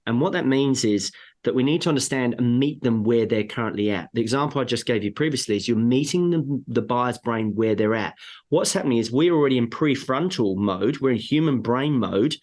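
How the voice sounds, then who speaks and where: A man's voice: mid-range voice, fairly quick. A man, a sales trainer on a podcast, coaching emphatically and acting out buyer lines. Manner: emphatic, animated coaching with acted-out buyer quotes. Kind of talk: podcast interview.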